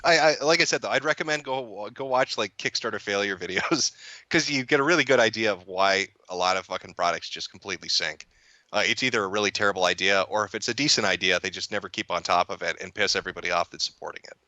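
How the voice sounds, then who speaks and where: A man talking in a casual chat, blunt, sarcastic and profane, breaking into laughs as he goes. His lowish voice has a forceful, bright edge. The sound is dry and close, with no room around it. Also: quick pace, no room sound, dull audio. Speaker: podcast guest and commentator.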